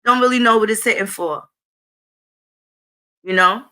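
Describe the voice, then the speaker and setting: Speaking directly to her audience, a female channel host keeps things conversational, blunt, and full of swearing. She pitches fairly high and talks a little slowly, with a sharp edge to her tone.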